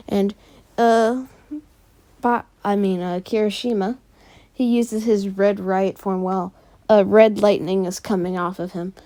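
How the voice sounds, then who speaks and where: Slow, mellow woman telling a fan story. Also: medium pitch. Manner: halting, casual storytelling. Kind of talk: casual fan story narration.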